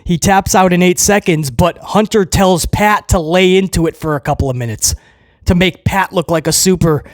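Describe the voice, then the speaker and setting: A man's voice: sits high, normal speed, no echo, studio quality. A man hosting a casual wrestling commentary show, ranting with sarcasm and mocking people in put-on voices.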